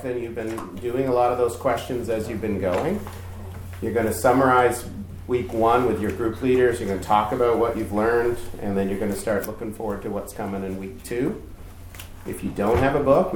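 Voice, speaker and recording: A man's voice: mid-range voice, slight background noise. A man giving a candid, chatty storytelling sermon as youth pastor, poking fun at himself. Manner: candid, self-mocking, chatty. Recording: echoey room, distant mic.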